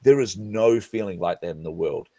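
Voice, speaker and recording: A man's voice: low-pitched, moderate pace, no echo. A middle-aged man, a business coach, chatting as a podcast guest and acting out the dialogue in his stories. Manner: animated storyteller, acts out quoted dialogue. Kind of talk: casual interview chat.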